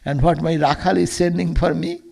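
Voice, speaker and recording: A man putting on the voice of an elderly holy mother in a story, speaking in a raised, high voice. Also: fairly even intonation, fairly quick, gravelly, darkish tone. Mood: fretful. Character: elderly holy mother, fretful yet tender.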